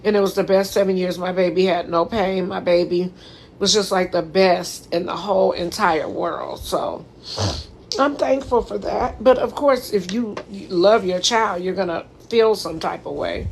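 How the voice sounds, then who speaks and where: A woman's voice: lowish voice, moderate pace, a little hiss or hum, low-quality recording. A woman in her thirties, livestreaming from home into her phone in a casual, heartfelt chat, talking straight to her viewers.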